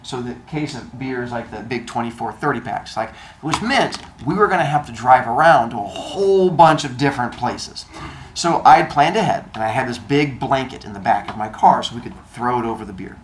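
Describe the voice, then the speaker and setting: A man telling a comedic personal story, animated and acting out the dialogue. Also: medium pitch, a little hiss or hum. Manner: animated, acts out dialogue with quick voice changes.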